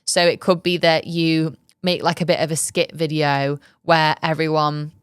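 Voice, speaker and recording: A woman's voice: low voice, flat delivery, normal speed, clean tone, no echo, studio quality. A young woman hosting a podcast, giving candid business advice in a chatty way, full of ums and likes. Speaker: podcast host. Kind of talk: casual advice chat.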